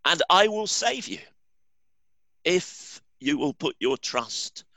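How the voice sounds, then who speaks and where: A man voicing a calm, heavenly voice from the sky, speaking in measured, reassuring words. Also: a little high, creaky, dry recording, studio quality, pitched above the performer's own voice, heavily acted.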